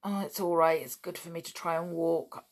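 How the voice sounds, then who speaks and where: A woman voicing a sullen teenage boy artist in a storybook reading, quiet and bitter. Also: lowish voice, fairly even intonation, normal speed, natural voice.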